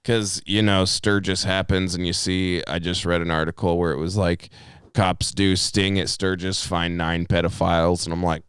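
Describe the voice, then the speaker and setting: A man's voice: deep voice, little pitch movement, moderate pace, a bit bright, smooth, no room sound, clean studio sound. A young man co-hosting a podcast, telling stories in a laid-back, casual way and swearing freely. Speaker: podcast co-host. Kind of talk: casual chat.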